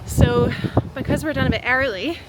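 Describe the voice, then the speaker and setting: A Scottish author and vlogger chats in a bubbly, casual vlog shot on a handheld camera as she moves through city streets and sits in a car. Her voice is high-pitched at a moderate pace, with loud street and traffic noise throughout.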